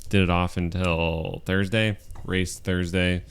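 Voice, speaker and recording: Deep smooth laid-back man. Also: little pitch movement. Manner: laid-back, halting recap. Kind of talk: casual chat.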